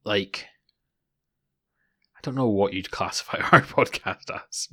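A man's voice: fairly low pitch, takes it slowly, sharp tone, breathy edge. A man co-hosting a casual podcast, telling jokes in a dry, wry way. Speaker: podcast co-host.

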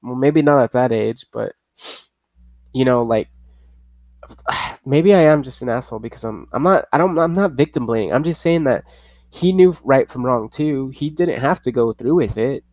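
A young man hosting a casual podcast, rambling and profane, reading news haltingly and laughing at himself. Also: medium pitch, animated, a little mellow, no room sound. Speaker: podcast host.

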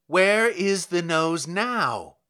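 Man doing a shrill, excitable noseless official. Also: measured pace, exaggerated voice. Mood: excited. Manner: excited, exclaiming.

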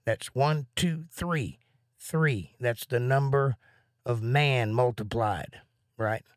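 A man teaching a live Bible study in a rambling, thinking-aloud way, a bit out of breath and excited. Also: medium pitch, slow pace, no room sound, clean studio sound.

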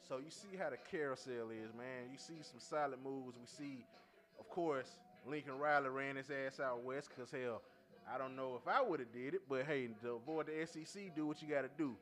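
A man's voice: mid-range voice, normal speed, fairly bright tone, faint music behind. Easygoing man hosting casual sports talk. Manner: easygoing, repeats "man" and "you know what I'm saying".

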